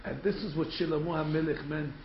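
A man's voice: fairly high pitch, fairly even intonation, fairly quick, a little hiss or hum. A man preaching a sermon as a rabbi, firing rhetorical questions and acting out quotes. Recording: echoey room, dull sound.

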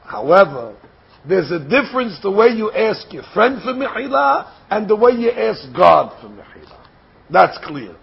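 Older man, gravelly high voice, Torah lesson, deliberate, rhetorical questions. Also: big pitch swings. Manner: deliberate, explanatory, asks and answers rhetorical questions. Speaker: Torah teacher. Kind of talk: Torah lecture. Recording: dull lo-fi recording.

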